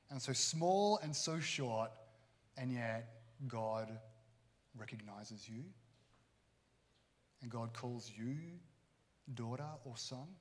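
Man preaching a conversational sermon. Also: mid-range voice. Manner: conversational, acts out quoted characters. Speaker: pastor.

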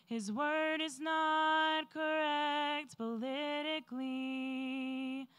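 A woman singing a slow gospel solo in church, soaring on the refrain. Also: high voice, fairly even intonation, fairly bright tone, faint music behind. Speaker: church soloist. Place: church sanctuary.

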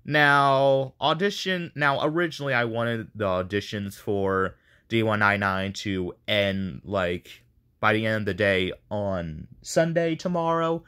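Rambling man with a bright, lowish voice. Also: a little slow, clean tone. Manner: rambling, self-deprecating. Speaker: video creator running a voice casting call. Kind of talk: casual chat to viewers.

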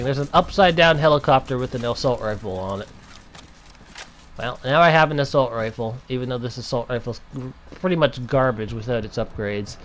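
A young man gives playful gameplay commentary in an expressive, mid-range voice. He taunts enemies and breaks into drawn-out, mock-dramatic shouts.

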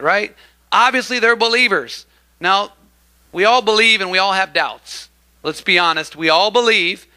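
A man delivers a sermon in a church. His voice sits high for a man and sounds very bright and forceful. He speaks in an animated way, asks the congregation questions and calls out praise between points. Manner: animated, acts out crowd voices, calls for amens. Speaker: preacher.

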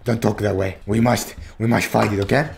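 Gruff superhero comrade as a man puts him on, low, firm, rallying, game voice. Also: steady tone, brisk, darkish tone, a little hiss or hum.

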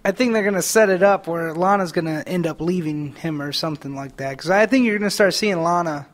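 A man's voice: high voice, fairly quick. A man co-hosting a casual wrestling talk show, laid-back and teasing, laughing often. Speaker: podcast co-host.

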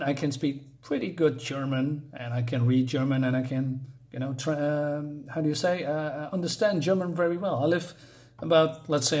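Hesitant man chatting about a comic. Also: mid-range voice. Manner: hesitant, many fillers and self-corrections; chatty, laughs at himself. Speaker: comic book reviewer. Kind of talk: casual comic book walkthrough.

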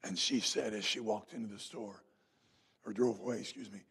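A man preaching a revival sermon in a church, telling folksy stories and rising to loud emphatic peaks. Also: lowish voice, steady tone, normal speed, husky. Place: church sanctuary.

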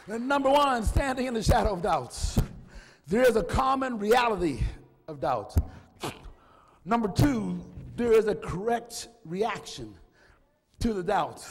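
A man's voice: very high voice, expressive, unhurried. A male pastor preaching a sermon in a fervent, half-sung cadence with frequent "uh" fillers, in a church. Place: church sanctuary. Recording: long reverb of a church hall.

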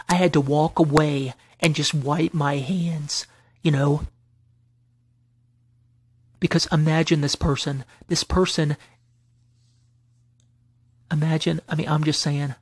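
A man's voice: fairly high pitch, husky, dry recording. A man venting in a late-night personal rant, rambling and repeating himself with many restarts, aggrieved and flaring into angry swearing. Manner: aggrieved, builds into bursts of anger and swearing. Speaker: vlogger.

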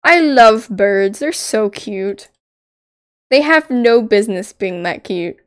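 A woman's voice: medium pitch, animated, slow pace, smooth. A young woman playing along in a game, chatty and giggly, gushing over cute pets. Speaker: co-player. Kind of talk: casual gaming chat.

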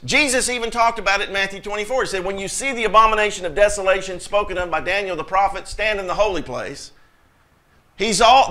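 A man preaching a sermon with a high, bright voice. He drives his points hard, breaking into sudden bursts. When he quotes scripture, his voice rises. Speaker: pastor.

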